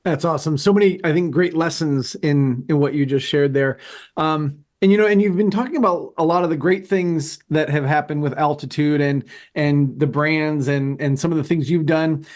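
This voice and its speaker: Male podcast host, upbeat interviewer, slightly raised pitch. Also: moderate pace, a little mellow.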